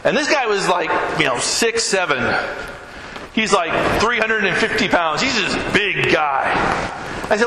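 A man's voice: high voice, animated, unhurried. A man preaching as a pastor, telling a story conversationally and acting out both sides of the dialogue. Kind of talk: sermon storytelling. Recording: echoey hall with background noise.

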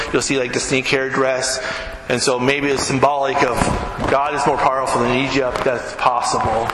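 A male pastor giving a sermon, telling stories and acting out quotes in a lively way, asking the audience questions. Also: medium pitch. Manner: animated, talks with the audience, acts out quotes. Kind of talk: sermon with storytelling. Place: church hall. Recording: echoey hall with room noise.

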